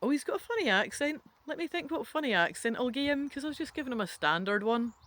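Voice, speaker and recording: A woman's voice: sits high, expressive, fast talker, fairly bright tone. A woman reading an interactive adventure book aloud, adding playful, chatty asides to the listener.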